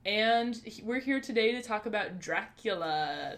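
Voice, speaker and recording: A woman's voice: medium pitch, expressive, a little slow, fairly bright tone. Giggly woman co-hosting a book podcast. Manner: giggly, joking. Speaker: podcast co-host. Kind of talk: casual book podcast chat.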